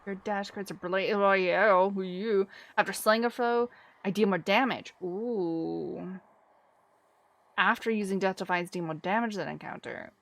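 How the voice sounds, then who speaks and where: A woman's voice: medium pitch, moderate pace, fairly bright tone. Chatty woman streaming a game. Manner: chatty, thinking aloud, reading game text. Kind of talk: casual gaming stream chat. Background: game music.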